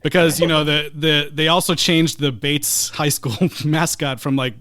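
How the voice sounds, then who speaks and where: A man with a high, bright voice chats casually on a podcast. He tells the story with animation, slipping into little acted-out bits and breaking into laughter. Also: measured pace, no room sound, clean studio sound. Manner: animated storyteller who acts out scenes with lots of laughing. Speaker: podcast co-host. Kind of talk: casual movie-recap chat.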